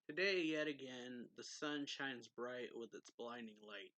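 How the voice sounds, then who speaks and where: A man reading the lines of a grieving ancient male vampire in a slow, solemn way. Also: medium pitch, pushed and bright.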